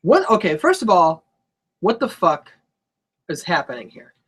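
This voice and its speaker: A man with a high-pitched voice co-hosting a casual wrestling podcast. He talks loudly and jokes around, swearing freely as he banters with his co-host. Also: huge pitch swings, measured pace, slightly rough. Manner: loud, joking, profane banter.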